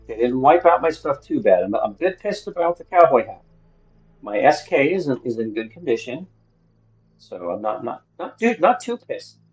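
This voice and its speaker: A man's voice: mid-range voice, a little mellow, dull audio. A man talking to himself while playing a survival game, grumbling and swearing at what happens on screen. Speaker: gaming streamer. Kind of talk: solo gameplay commentary.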